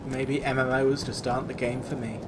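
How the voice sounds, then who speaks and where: A man's voice: medium pitch, flat delivery, brisk, background noise. A man streaming a video game, giving sarcastic, rambling, sweary commentary. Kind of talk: let's-play commentary.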